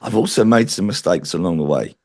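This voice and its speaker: A man's voice: deep voice, lively intonation, a little fast, mellow. A man interviewed as a spiritual medium, talking in an earnest, chatty way and telling stories. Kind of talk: interview conversation.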